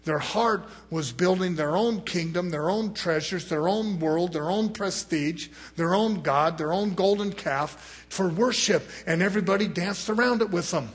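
Male preacher, husky voice sitting a bit high, surges loud then drops to a murmur, mimics the people he quotes. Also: measured pace, hardly any pauses. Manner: swings from loud rising exhortation to low murmured asides. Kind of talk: sermon.

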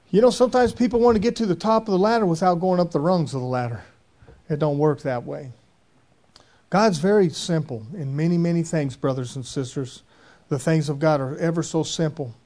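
A man's voice: on the high side, fairly quick, darkish tone. A man preaching a sermon, telling stories in a folksy, rambling way. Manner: folksy, rambling storytelling with dialect grammar.

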